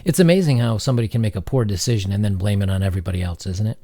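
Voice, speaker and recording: Sarcastic low-voiced man reading aloud. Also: dark tone, no room sound. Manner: sarcastic, mocking, halting with fillers. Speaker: commentary channel host.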